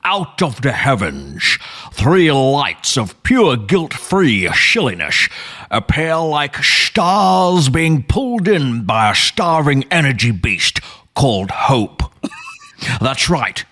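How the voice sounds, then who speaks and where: A man's voice: medium pitch, big pitch swings, slow, pushed and bright, heavily acted. A man doing a faded Scottish super-spy. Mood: grandiose. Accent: faltering put-on Scottish. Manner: grand mock-dramatic delivery, then rambling and sheepish. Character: aged, comically washed-up male spy back from the dead. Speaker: comic character on a podcast.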